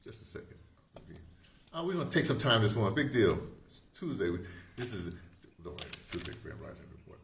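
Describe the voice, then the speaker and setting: A man's voice: fairly low pitch, big pitch swings, fast, vocal fry, fairly bright tone. A man rambles to camera and chuckles at his own jokes as he goes. His voice swoops up and down with a lot of life in it. The room gives him a noticeable echo, with a faint hiss underneath. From United States. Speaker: vlogger. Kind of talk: casual monologue to camera. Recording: roomy echo with faint noise.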